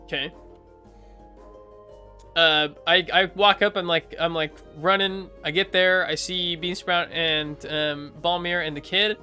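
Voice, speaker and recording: Bright, eager young-sounding man playing. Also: a little high, fairly even intonation, a little slow, soft background music. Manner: eager, rambling with many likes. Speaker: player. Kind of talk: playing a tabletop game.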